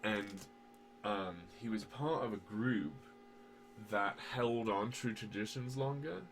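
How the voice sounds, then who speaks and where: A man's voice: lowish voice, slow pace, a little hiss or hum. A man chatting casually on a podcast, rambling with lots of fillers and swearing, and at times building into heated rants. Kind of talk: casual conversational podcast chat.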